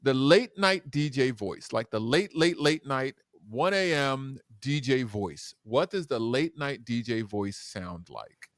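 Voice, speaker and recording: Animated guy on a podcast, voice all over the place pitch-wise, dry close mic. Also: takes it slowly, hardly any pauses, no echo. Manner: animated, demonstrative, swinging between loud and soft. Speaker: guest educator and keynote speaker. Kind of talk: podcast interview.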